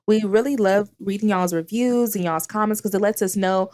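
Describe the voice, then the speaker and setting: A woman's voice: medium pitch, a little fast, hardly any pauses, darkish tone. A young adult woman co-hosting a podcast in casual chat, reading listener comments aloud and laughing often. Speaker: podcast co-host.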